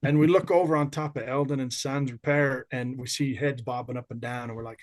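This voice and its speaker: A man's voice: mid-range voice, a little fast. A man in his fifties, a podcast guest, telling school-days stories in casual chat and laughing as he goes. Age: 50s. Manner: animated, laughing anecdotes.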